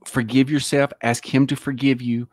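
A man's voice: mid-range voice, level tone, normal speed, a little mellow, no echo, clean studio sound. A male talk-show host making an earnest pastoral appeal to listeners.

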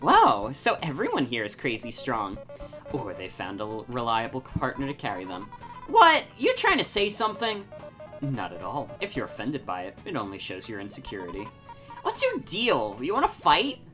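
A woman voicing a brash, impatient young female bee explorer in a video game, loud and boastful. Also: extremely low pitch, huge pitch swings, normal speed, faint music behind, full character voice. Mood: defiant. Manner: loud, hot-headed and boastful.

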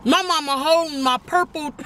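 A woman's voice: high voice, moderate pace, fairly bright tone, a little hiss or hum. A young woman vlogger chatting casually and laughing as she tells a personal story to her viewers while eating. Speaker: vlogger host.

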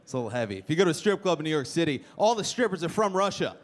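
Racing along in a fairly high, sing-song voice, a young comic works a live comedy club crowd with a brash set, teasing them and landing punchy beats. Audience noise comes through in this live club recording.

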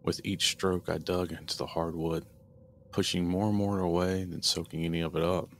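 A man narrating a first-person horror story in a steady, earnest storytelling manner. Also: sits low, normal speed, slight background noise.

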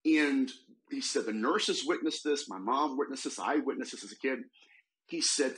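Animated man telling an eerie case. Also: mid-range voice, brisk, poor audio. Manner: animated, retells a case with quoted voices. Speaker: demonologist guest. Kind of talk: storytelling in a podcast interview.

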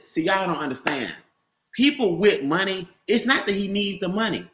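A man giving an animated, repetitive motivational sales talk about a home business, calling on listeners by name. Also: high voice, normal speed, roomy sound. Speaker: business opportunity presenter.

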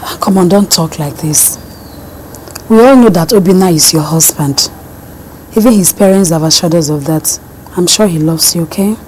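A woman's voice: on the low side, moderate pace, darkish tone, slight background noise, lightly acted, low-quality recording. An actress playing a proud, wealthy middle-aged mother who soothes her daughter. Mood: soothing. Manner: soothing, then haughty. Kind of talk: film drama dialogue.

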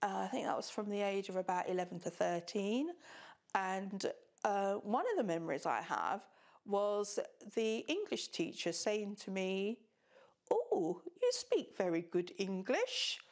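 An older woman from Jamaica, recalling her school days in a documentary interview with lively, amused telling and quoted dialogue. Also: mid-range voice, a little slow.

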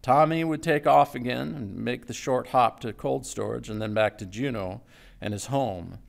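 A man giving a live literary reading of a story, in a measured storytelling manner that drops low and quiet for tense moments. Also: gravelly. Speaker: writer reading his own story. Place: stage before a live audience.

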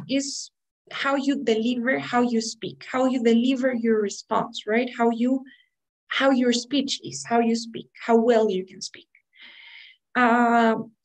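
Woman, teacher, online class, explanatory, fairly high voice. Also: low-quality recording. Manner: explanatory, asks "right?" often. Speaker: English test prep teacher.

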